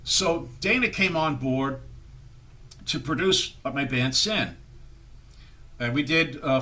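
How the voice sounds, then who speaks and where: A man's voice: on the high side, bright, forceful tone. A man in his sixties, a guest musician in an interview, telling long rambling stories and acting out the voices of people he quotes. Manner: rambling storyteller who acts out quoted voices. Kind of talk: anecdotal storytelling interview.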